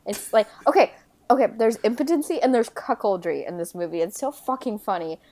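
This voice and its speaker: A woman co-hosting a casual movie podcast, with a dry, deadpan delivery. She backs up her partner with steady agreement and mocks the film's cheap effects. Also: fairly high pitch, brisk. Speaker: podcast co-host. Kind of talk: casual movie-recap chat.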